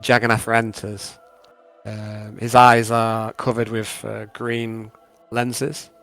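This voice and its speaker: A man's voice: lowish voice, little pitch movement, slow, vocal fry, a bit bright, soft background music. A man running a tabletop game as game master, narrating scenes in a descriptive way with many fillers.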